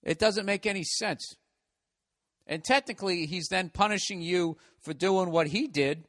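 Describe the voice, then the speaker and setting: A man in a comedic rant, swearing freely and sounding thoroughly fed up. His voice sits somewhat high for a man. He builds his points with exasperated asides. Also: measured pace, a bit bright. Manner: profane, exasperated ranting.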